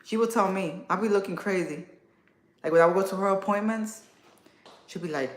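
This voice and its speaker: A woman's voice: mid-range voice, a little fast, long pauses. Woman livestream host in her thirties, casual and chatty, mid-range voice, echoey room. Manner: warm, chatty, reads and answers viewer comments. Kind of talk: casual livestream chat with viewers.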